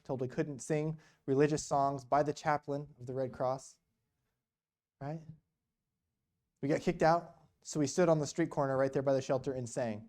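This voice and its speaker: Fairly high in pitch yet darkish in tone, this man's voice carries a storytelling sermon. He is a guest speaker at a church, telling stories conversationally and filling them with rhetorical questions and "you know."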